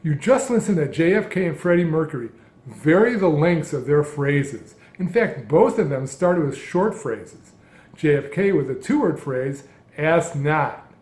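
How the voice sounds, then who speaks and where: A man giving a calm, measured lesson as a speech coach, speaking in deliberate phrases. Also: fairly high pitch, roomy sound. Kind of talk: instructional narration.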